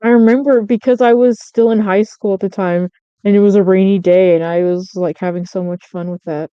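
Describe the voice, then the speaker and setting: A woman's voice: mid-range voice, fairly even intonation, fairly quick, clean tone, no echo. A woman chatting playfully on a podcast, teasing her friends. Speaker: podcast guest. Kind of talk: casual chat. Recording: slightly dull lo-fi audio.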